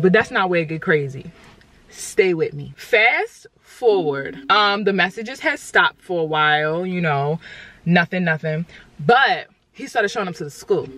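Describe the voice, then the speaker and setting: A woman's voice: medium pitch, sharp tone. Young woman sitting in her car spilling a story, sassy and dramatic, faint music underneath. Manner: sassy, dramatic, talks straight to viewers. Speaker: YouTuber telling a story. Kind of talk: casual storytime. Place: inside a parked car.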